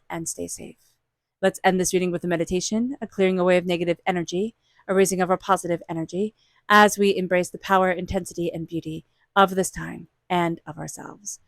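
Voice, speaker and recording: A woman's voice: on the low side, no echo, clean studio sound. A woman giving an earnest, encouraging tarot reading and acting out inner voices as she speaks. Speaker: tarot reader.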